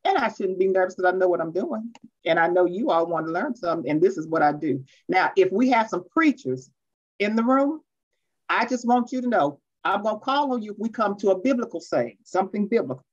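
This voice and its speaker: Fast-talking grandmother leading an online workshop. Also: mid-range voice, lively intonation, husky. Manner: fast-talking, chatty and self-deprecating. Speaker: workshop presenter. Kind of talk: online teacher training workshop. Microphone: video call. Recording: dull lo-fi video call audio.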